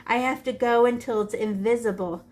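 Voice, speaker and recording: A fairly high, slightly mellow woman's voice holds a steady tone at a moderate pace. She's teaching art in a classroom, playfully narrating a live shading demonstration and talking to herself while she draws.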